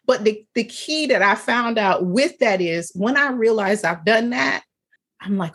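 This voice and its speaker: A woman with a husky, slightly breathy voice tells personal stories in a relaxed faith-centered chat. Her pitch leaps up when she drives a point home, and she laughs easily between phrases. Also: measured pace. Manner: animated storyteller, laughs often, pitch jumps up for emphasis. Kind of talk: casual faith-based conversation.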